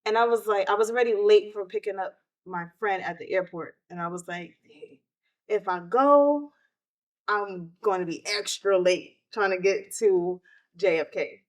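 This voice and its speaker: A woman, hosting a podcast and telling a personal story of grief in an emotional, animated way. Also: medium pitch, normal speed. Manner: emotional, animated retelling with quoted outbursts. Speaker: podcast host.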